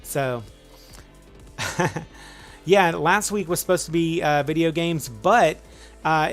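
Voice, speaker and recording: A man's voice: on the high side, clear, resonant tone. A middle-aged man hosting a casual live trivia stream, rambling and upbeat as he greets viewers by name.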